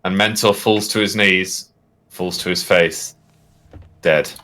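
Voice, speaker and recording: A man narrating as game master of a tabletop game, halting, with many fillers and restarts. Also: deep voice, steady tone, sharp tone.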